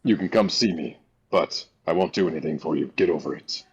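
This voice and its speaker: A man putting on a gruff, dismissive ship doctor. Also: a little fast, highs cut off, background noise, close to an everyday voice. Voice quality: low and curt.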